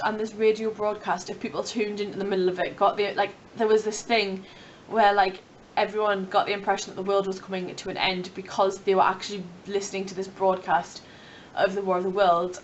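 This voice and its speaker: A woman's voice: mid-range voice, far from the mic, dull audio, slight background noise. A young woman chatting casually to camera about books, rambling and playful. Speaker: book vlogger.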